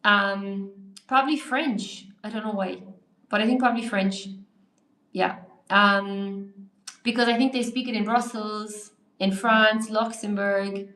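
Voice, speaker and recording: A woman's voice: mid-range voice, fairly even intonation, unhurried, a bit bright, reverberant. An Irish woman teaching English on a live stream, chatting through viewer comments aloud and answering them. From Ireland.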